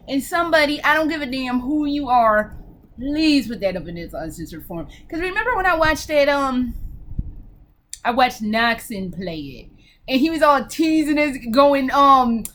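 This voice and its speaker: A woman's voice: sits high, animated, normal speed, fairly bright tone, slight background noise. A woman hosting a casual video game vlog, talking in a brash, profane, rambling way with frequent giggles.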